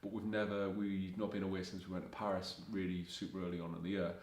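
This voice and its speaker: A young man rambles through a travel story in a low, level voice with little rise and fall. He is a fashion vlogger, chatting casually and quoting what people said. The room around him rings with echo. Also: level tone, fast, darkish tone. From Scotland. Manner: rambling anecdotes, quoting himself and others. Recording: echoey room.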